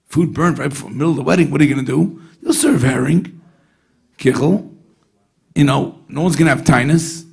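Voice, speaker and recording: Rabbi guy spinning a story for the crowd, kinda high voice, husky, keeps going "you know what i mean". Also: a little fast. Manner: animated storyteller sprinkling Yiddish and Hebrew words; conversational, often asks the audience "you know what I mean?". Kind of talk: storytelling talk at a Hasidic gathering.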